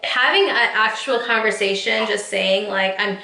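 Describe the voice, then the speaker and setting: A woman's voice: mid-range voice, moderate pace, gravelly, a crowd in the background. A woman in her thirties talking candidly to camera at home in a get-ready-with-me vlog, rambling and heartfelt with lots of fillers. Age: 30s. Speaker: vlogger. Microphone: camera mic. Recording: roomy echo.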